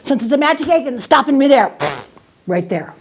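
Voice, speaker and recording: A woman runs a magic show for children, coaxing a young helper along. Her voice sits a little high, and she swings from hushed, secretive whispers to loud, mock-outraged protests. The delivery is theatrical and playful throughout. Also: expressive, fairly quick.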